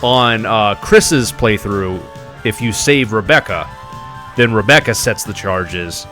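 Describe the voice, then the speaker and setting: A man streaming a game live, giving animated, mocking commentary with laughs. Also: lowish voice, slow, soft background music.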